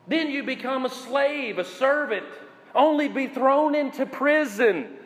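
A male pastor delivering a sermon, preaching in slow, emphatic phrases and putting questions to the congregation. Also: very high voice, expressive, big-room sound.

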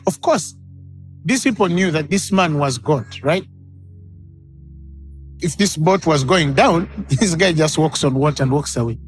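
A man's voice: a little high, animated, a little slow, pauses often, faint music behind. A man preaching a sermon as pastor, acting out the people in his stories. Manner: dramatic, acts out quoted voices.

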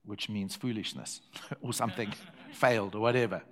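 A man's voice: fairly low pitch, normal speed, a bit bright. An older man with a South African accent, preaching a sermon built around a personal story and repeating phrases for effect.

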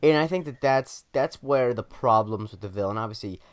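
A man's voice: medium pitch, fairly quick. A man co-hosting a casual group discussion, opinionated and emphatic, often stumbling and restarting his sentences.

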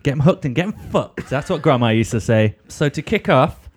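A man's voice: medium pitch, animated, normal speed, a little hiss or hum. A young man hosting a podcast, telling a rambling comic anecdote in casual talk and swearing freely. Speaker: podcast host.

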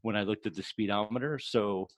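Podcast cohost guy, lowish voice, all pumped up, dry mic. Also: a little fast, dry recording. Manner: excited, enthusiastic. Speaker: podcast co-host. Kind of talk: casual chat.

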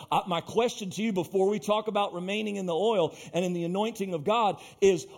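A man with a notably high voice preaches from the pulpit, reading scripture and then driving his point home with emphatic asides to the congregation. He speaks as the pastor of the church, animated and pressing. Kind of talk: sermon.

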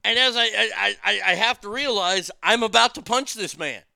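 A man's voice: sits high, normal speed, creaky, pushed and bright, dry recording, clean studio sound. A man telling a story as a profane rant, stammering and repeating his words as he swears.

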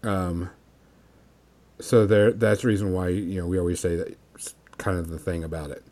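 A man's voice: low voice, steady tone, a little fast, mellow. A man co-hosting a casual chat about tabletop games, explaining with lots of fillers and restarts. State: has the hiccups. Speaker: podcast co-host.

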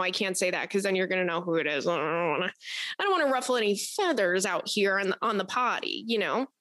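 A young adult woman hosting an advice podcast, talking in a casual, rambling way, cursing often and telling animated stories. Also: a little high, no room sound. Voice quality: animated, profane, rambling storyteller. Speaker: podcast host.

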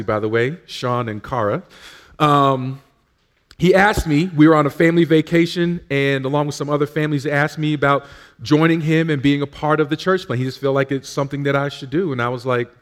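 A man preaching in a church service, telling his own story in a conversational way with frequent fillers and restarts. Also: medium pitch. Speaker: pastor. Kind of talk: sermon with personal testimony.

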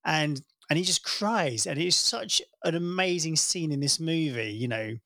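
A man's voice: on the high side, a little slow, no room sound, clean studio sound. A middle-aged man, a podcast host telling candid stories in casual chat. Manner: candid, animated storyteller.

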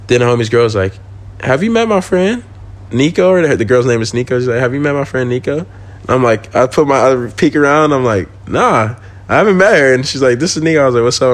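Young male guest, loose slangy storyteller, swears freely, mid-range voice. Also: medium pitch. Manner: slangy, swearing, laughs while telling stories. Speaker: podcast guest. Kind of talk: casual storytelling.

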